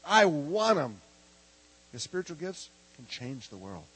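A middle-aged man from Minnesota preaching a lively, humorous sermon and calling on the congregation to answer back. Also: on the high side, husky, no room sound, poor audio. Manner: animated, joking, calls for congregation response. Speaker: preacher teaching a prophetic ministry school.

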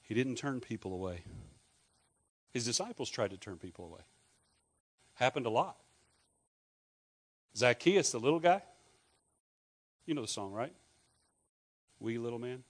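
This Scottish pastor, middle-aged, has a slightly rough, medium-pitched voice with lively intonation, keeping a moderate pace and pausing often. His sermon is conversational, with questions to the congregation and humorous asides.

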